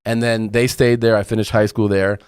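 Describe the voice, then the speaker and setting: A man's voice: on the low side, flat delivery, normal speed, a little mellow, clear, resonant tone, dry recording, clean studio sound. A middle-aged man telling stories in casual podcast chat, laid-back and swearing freely. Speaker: podcast guest and comedian.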